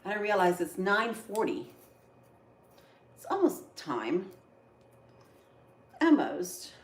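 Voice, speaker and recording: A woman's voice: medium pitch, huge pitch swings, takes it slowly. A woman hosting a casual cooking livestream, chatting with viewers as she slices vegetables and often exclaims "oh Lord". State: teary from onions. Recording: echoey kitchen, faint noise.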